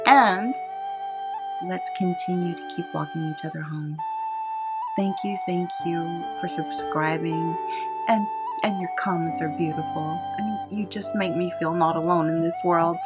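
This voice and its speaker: Soft instrumental music backs this California vlogger as she recounts something from her own life. Her pitch sits fairly low and her pace is measured. She's warm and talkative, breaking into laughter frequently and acting out the lines she quotes.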